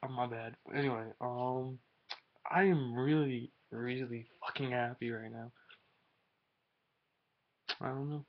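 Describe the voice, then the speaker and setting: A man's voice: mid-range voice, level tone, measured pace, pauses often, muffled recording. A teenage boy rambling in a casual webcam vlog, slangy and swearing a lot. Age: teens. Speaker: vlogger.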